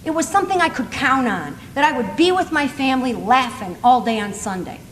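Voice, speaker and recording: A middle-aged woman speaking at a conference, telling funny stories in a chatty, animated way and laughing often. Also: high voice, fairly quick, a little hiss or hum. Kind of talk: humorous storytelling talk to a live audience. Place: large conference hall. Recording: reverberant hall with faint ambience.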